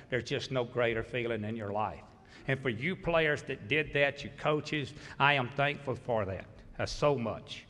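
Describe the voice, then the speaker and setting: Southern-accented man, 60s, folksy and thankful coach at the podium, bright and forceful, echoey hall. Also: medium pitch. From Mississippi. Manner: folksy, grateful, humorous. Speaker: basketball coach. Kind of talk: hall of fame acceptance speech. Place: large hall.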